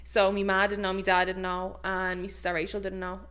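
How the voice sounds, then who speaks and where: A woman's voice: completely flat delivery, a little fast, fairly bright tone, clear, resonant tone. A young woman from Dublin with a Dublin Irish accent, co-hosting a podcast in casual chat, telling stories with lots of "like". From Dublin, Ireland. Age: young adult. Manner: chatty storyteller, lots of "like", acts out quotes in high voices. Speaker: podcast co-host.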